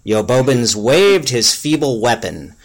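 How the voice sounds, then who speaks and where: A man reading a crude comic fantasy story aloud in a deadpan, mock-epic way. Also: mid-range voice, measured pace. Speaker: story reader.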